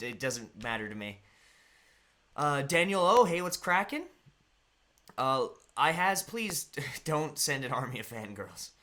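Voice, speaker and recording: A man's voice: medium pitch, sharp tone. A young man hosting a live stream, chatting casually and greeting viewers by name in a rambling way. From United States.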